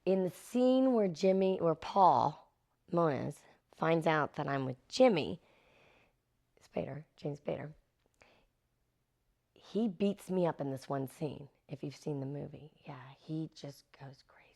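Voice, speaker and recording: A middle-aged actress being interviewed, animatedly telling stories and acting out the quotes. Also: female voice, deep voice, a little slow, gravelly. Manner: animated, acts out quotes with laughs. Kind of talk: anecdotal interview storytelling.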